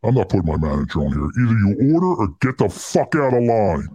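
A man playing a hot-tempered male drive-thru worker who answers gruffly and swears at a customer. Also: on the low side, sing-song, quick pace, warm tone, dry recording. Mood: hostile.

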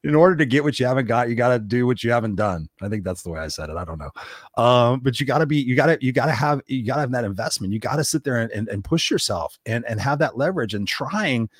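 A man's voice: medium pitch, lively intonation, quick pace, no echo, clean studio sound. A man hosting his own show, giving an unscripted motivational talk, blunt and swearing often, acting out the people he quotes. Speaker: podcast host. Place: Los Angeles.

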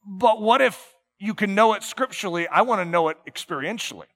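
A man preaching a sermon to a gathered congregation, earnest and shifting between soft, tender passages and emphatic ones. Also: high-pitched, fairly quick.

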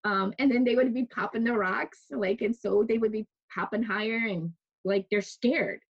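A woman's voice: mid-range voice, normal speed, husky. A woman telling stories in a casual conversation, chatty, full of restarts and "like", often laughing. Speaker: interviewee. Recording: dull lo-fi recording.

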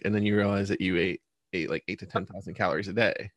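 A man's voice: low-pitched, fairly even intonation, quick pace, no room sound. A man from the Philadelphia area hosting a podcast, asking questions with frequent stammering restarts. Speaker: podcast host. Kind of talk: casual interview.

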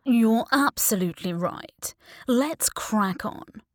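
A woman's voice: a little high, lively intonation, slow, no room sound, studio quality, voice pushed up. A woman voicing a smug, scheming male spy chief in an audiobook, with a mocking, condescending manner. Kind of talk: audiobook character reading.

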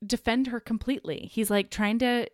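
A woman's voice: on the high side, fairly even intonation, normal speed, no room sound, studio quality. A woman co-hosting a casual book chat, animatedly retelling the plot and acting out characters' lines. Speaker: book podcast co-host.

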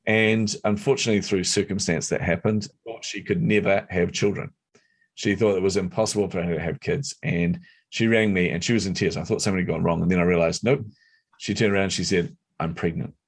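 Fast-talking husky middle-aged man. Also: sits low. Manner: animated, competitive storyteller. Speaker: guest, speaker and entrepreneur. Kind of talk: storytelling interview talk.

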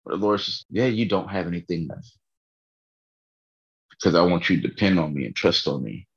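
Man, casual faith vlog, tired, earnest, deep husky voice, dull lo-fi phone audio. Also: brisk. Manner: earnest, rambling, laughs at himself. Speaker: vlogger sharing his morning prayer. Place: bedroom, early morning.

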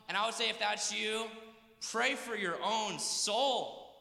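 High-voiced earnest man preaching in a hall. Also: takes it slowly, creaky, bright, forceful tone. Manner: earnest, preacherly, leads call-and-response. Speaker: pastor. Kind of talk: conference sermon. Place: conference hall. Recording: echoey hall, live PA sound.

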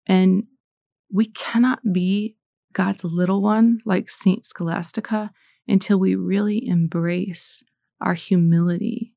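Gravelly-voiced middle-aged woman giving a faith talk. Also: lowish voice, warm tone, no echo. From United States. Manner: earnest, chatty, lots of fillers. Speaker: Christian speaker.

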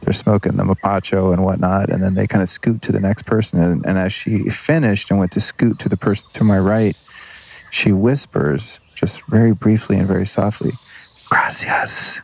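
A man's voice: deep voice, steady tone, moderate pace, creaky, darkish tone, husky. A man hosting a podcast, talking through his experiences in an earnest, rambling way and swearing casually. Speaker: podcast host. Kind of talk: unscripted reflective monologue.

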